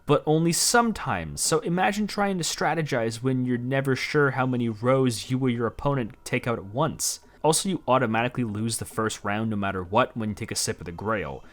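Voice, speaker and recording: A man narrates a scripted video essay with sarcasm and mounting exasperation. His voice sits at an ordinary pitch.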